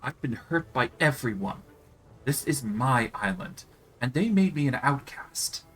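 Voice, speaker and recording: A man's voice: mid-range voice, expressive, measured pace, fairly bright tone, poor audio. A man voicing a vain, petulant female demon queen in a video game, whiny and clumsily flirtatious. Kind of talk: reading game dialogue aloud on stream.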